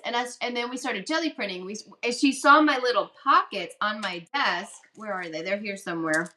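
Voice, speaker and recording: A woman's voice: on the high side, expressive, fairly quick, hardly any pauses, sharp tone. A woman hosting a casual live craft stream, telling a story in a chatty way and acting out what people said. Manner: chatty storytelling, acts out quotes. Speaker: host. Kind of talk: casual livestream craft chat.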